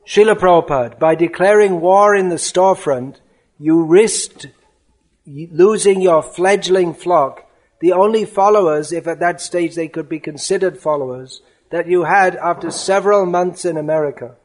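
High-voiced man reading a devotional offering. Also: normal speed. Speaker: spiritual lecturer.

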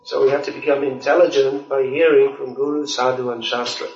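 A man's voice: mid-range voice, level tone, brisk, heavy background noise. A man giving a devotional lecture, speaking bluntly and emphatically and reciting verses in Sanskrit. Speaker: spiritual lecturer. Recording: distant, roomy, dull lo-fi lecture recording.

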